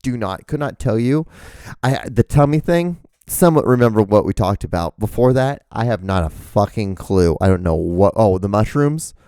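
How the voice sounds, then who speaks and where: This man's fairly low voice is expressive, warm, and smooth at a moderate pace, recorded in studio quality with no echo. Alone on his casual podcast, he rambles profanely and teases himself, sitting indoors at a microphone with earphones as it rains outside.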